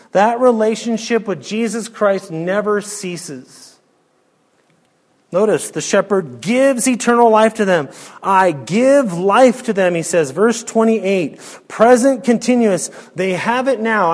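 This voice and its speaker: An emphatic man preaching an expository sermon, with a high-pitched voice. He fires off rhetorical questions and at times drops to a near hush. His voice carries a long reverb, as in a large hall.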